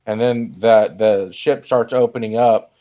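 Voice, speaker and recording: A man's voice: on the low side, steady tone, measured pace, warm tone. Laid-back man filling in plot, muffled. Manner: corrects and fills in plot details. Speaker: podcast co-host. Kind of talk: casual movie recap chat.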